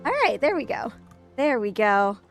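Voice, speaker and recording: A woman streaming from home late at night, chatting casually, laughing often and cooing softly to her toddler. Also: fairly high pitch, expressive, normal speed, gravelly, soft background music. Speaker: game streamer and mother. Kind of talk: casual live-stream chat.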